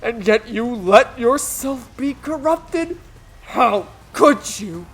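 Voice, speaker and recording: A woman's voice: fairly high pitch, lively intonation, takes it slowly, husky, exaggerated voice. A woman voicing a vain, pompous male director who praises himself grandly. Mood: self-righteous.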